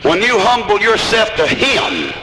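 A man preaching a sermon in a very high voice, climbing into shouted peaks and then dropping low. His plain country grammar and rhetorical questions carry through a long, booming hall reverb. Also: huge pitch swings, unhurried. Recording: echoey hall with noise.

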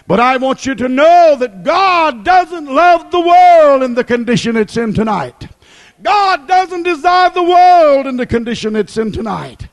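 A man preaching an impassioned sermon that rises to shouts. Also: very high-pitched.

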